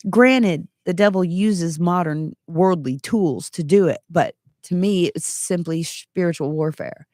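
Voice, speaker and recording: A woman in her thirties giving an earnest, animated personal testimony, full of asides. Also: fairly low pitch, a little slow, no room sound, clean studio sound.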